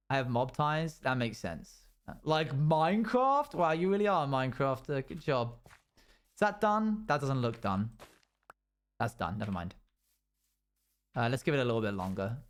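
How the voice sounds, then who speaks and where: A man's voice: a little high, big pitch swings, moderate pace, pauses often. A man streaming live, chatting casually and telling rambling stories to his chat, acting out what people said. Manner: rambling anecdotes told to chat; acts out quotes in a raised voice. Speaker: livestreamer.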